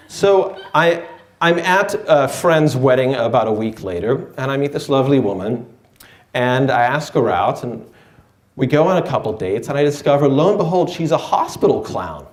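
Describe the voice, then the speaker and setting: A man tells a personal story with dry, self-deprecating humor. His voice sits at a middle pitch but moves around a lot as he talks. The sound is roomy, with clear echo. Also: animated, unhurried. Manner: wry, self-deprecating delivery. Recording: echoey room.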